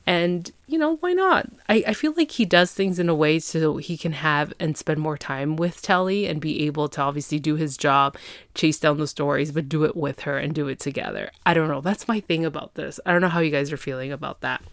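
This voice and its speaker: Low-voiced woman chatting through a recap. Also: a little fast, no room sound, studio quality. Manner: chatty, filler-heavy, acts out the characters' lines. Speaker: podcast host. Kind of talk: casual TV episode recap.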